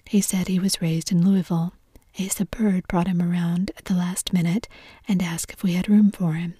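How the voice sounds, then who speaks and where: A woman's voice: fairly low pitch, little pitch movement, moderate pace, mellow, slightly rough, no echo, studio quality. A woman whispering the lines of a wry, offhand young sportswoman in a whispered role-play.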